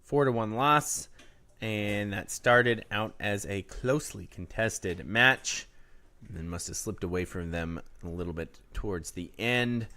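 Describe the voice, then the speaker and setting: A man's voice: fairly low pitch, a little slow, bright, forceful tone. A man co-hosting a casual local sports podcast, reading score updates from a live chat in a laid-back way. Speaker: podcast co-host.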